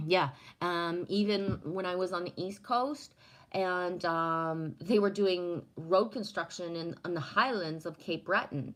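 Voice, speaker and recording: A woman from Canada with a slightly low voice, talking loosely and profanely to her livestream chat. She rambles from story to story and answers comments as she goes. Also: slow pace, poor audio. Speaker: livestream host.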